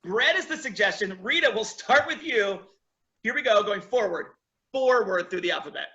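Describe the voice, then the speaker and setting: Guy refereeing improv over a video call, chatty, bright voice. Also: sits high, lively intonation, moderate pace, dull audio. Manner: upbeat, chatty, reads the chat aloud. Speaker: referee host of an improv match. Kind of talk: refereeing a virtual improv game.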